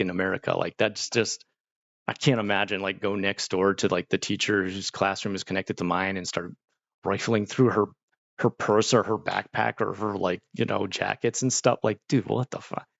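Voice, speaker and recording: A man's voice: lowish voice, gravelly, no echo, dull audio. A man telling rambling stories with many fillers as he chats casually with viewers. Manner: rambling, storytelling with lots of fillers. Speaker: streamer.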